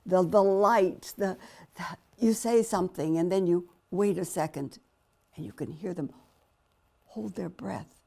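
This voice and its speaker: An older woman telling her personal testimony as a lively storyteller, acting out the voices of the people she quotes and dropping to a hushed near-whisper at intimate moments. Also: lowish voice, creaky. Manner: animated, dramatic storyteller who acts out quoted voices.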